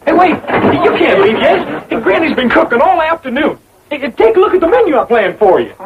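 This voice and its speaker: A man's voice: very high-pitched, very animated, fairly quick, slight background noise, full character voice. An actor playing a dim, boastful young hillbilly man, eager and goofy in a 1960s sitcom. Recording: dull old TV audio, loud studio laughter.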